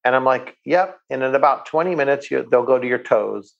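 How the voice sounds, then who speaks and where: Enthusiastic male guest, gravelly voice, muffled lo-fi sound. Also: medium pitch, a little fast. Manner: enthusiastic, repeats words when starting sentences. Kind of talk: interview answers, storytelling.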